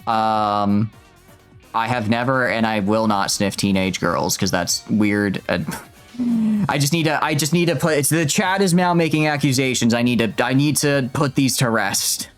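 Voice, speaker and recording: A man streaming a video game live, joking with his chat in an animated, rambling way and often stammering and restarting his sentences. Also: mid-range voice, normal speed, clear, resonant tone. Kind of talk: live gameplay commentary. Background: faint game music.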